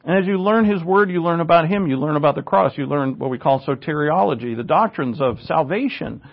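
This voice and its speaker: A man's voice: a little high, a little fast, creaky. A male pastor teaching a verse-by-verse sermon in a conversational way, with asides, self-corrections and emphasis that rises on key words. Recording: dull lo-fi recording.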